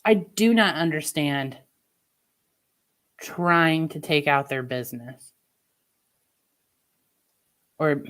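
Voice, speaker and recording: A woman's voice: low voice, lively intonation, very slow, pauses often, a bit bright. A woman livestreamer in casual chat with her viewers, venting opinions in a chatty way. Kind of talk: casual live-stream chat.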